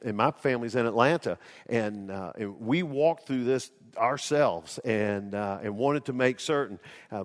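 A man's voice: mid-range voice, long reverb tail. Folksy pastor in his sixties. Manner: folksy storytelling, acts out quoted voices. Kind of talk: sermon.

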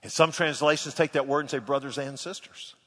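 A man preaching a sermon, telling a funny personal story with lively animation before turning to scripture. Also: a little high, a little fast. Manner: animated storyteller, laughs through the tale. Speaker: pastor. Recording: long echo of a large hall.

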